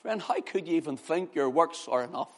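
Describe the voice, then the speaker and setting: Impassioned preacher, high voice. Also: male voice, animated, fairly quick. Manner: impassioned preaching, swinging from loud exclamations to hushed words. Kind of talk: sermon.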